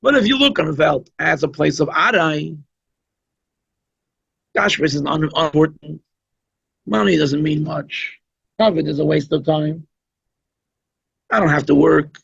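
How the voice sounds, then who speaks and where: A rabbi gives a conversational, emphatic Chassidic talk with frequent asides. His voice sits somewhat high and has a gravelly, husky grain. The recording is dry and dull, with little room sound. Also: expressive, measured pace, pauses often, fairly bright tone, no room sound. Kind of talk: informal Chassidic talk at a holiday gathering.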